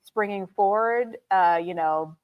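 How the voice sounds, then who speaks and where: Female host, relaxed chat, dry close sound. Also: mid-range voice, measured pace, no room sound, phone-quality sound. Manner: easygoing, laughs often. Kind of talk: casual morning talk show chat. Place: studio.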